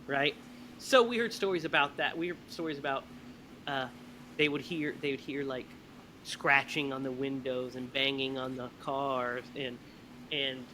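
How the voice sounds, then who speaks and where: Bright, animated male podcast host. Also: mid-range voice, a little hiss or hum, poor audio. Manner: animated storyteller, laughs often. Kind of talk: casual chat.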